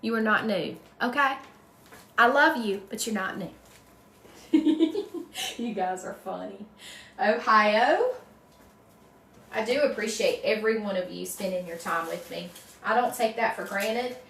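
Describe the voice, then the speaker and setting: Her Southern accent marks her as from North Carolina as she chats on a live stream, calling out viewers by name while working on a wreath. The voice is medium-pitched and a bit bright at a normal speed, heard through a distant mic with roomy echo.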